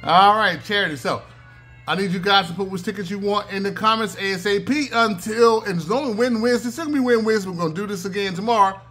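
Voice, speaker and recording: This channel host's voice is high, quick and pushed, with a bright edge. He talks casually as he scratches lottery tickets, chanting the numbers in a sing-song way.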